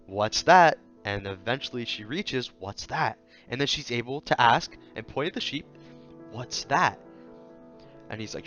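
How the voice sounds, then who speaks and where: A man's voice: mid-range voice, takes it slowly, soft background music. A man reviewing a manga chapter in a casual commentary video, thinking aloud with fillers and acting out the characters' lines as he quotes them. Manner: loose, thinking aloud, fillers, quoting characters in lively voices.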